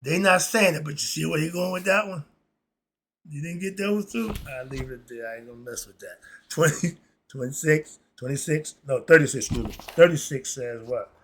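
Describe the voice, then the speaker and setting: A man's voice: a little high, moderate pace, a bit bright, a little hiss or hum. A man casually reading a list of moral principles and commenting in a laid-back, chuckling way, with loose slang. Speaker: host.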